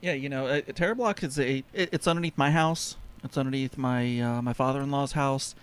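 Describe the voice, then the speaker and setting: A man's voice: mid-range voice, fairly even intonation, a little fast, clear, resonant tone. A man hosting a home-improvement talk show, telling stories in a rambling, casual way. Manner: rambling storyteller, lots of fillers. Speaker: home insulation business owner and show host. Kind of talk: casual radio chat.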